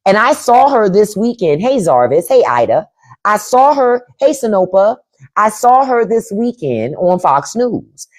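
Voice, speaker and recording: Blunt, animated woman livestream host. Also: mid-range voice, a little slow. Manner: blunt, animated, profane, reading and answering chat. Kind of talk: casual livestream commentary.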